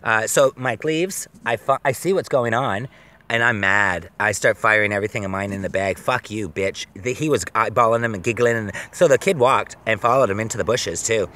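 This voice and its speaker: A man telling personal stories in a rambling, profane, animated way, with many restarts, keeping a video journal. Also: lowish voice, fairly quick. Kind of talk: casual storytelling monologue. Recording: noisy outdoor street recording.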